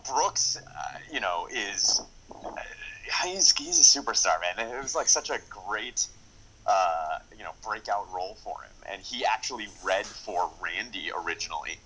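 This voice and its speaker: Deep-voiced, bright-toned chatty filmmaker man. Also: animated, moderate pace, a little hiss or hum, low-quality recording. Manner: rambling, many fillers and restarts; enthusiastic. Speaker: screenwriter and director. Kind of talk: casual interview.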